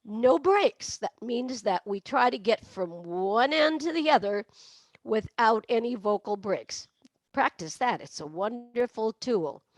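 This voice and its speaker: Woman, vocal coach, fairly high voice, dry close sound, demonstrative. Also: dry recording. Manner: demonstrative, breaks into barks, meows and sung laughs. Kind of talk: online voice lesson.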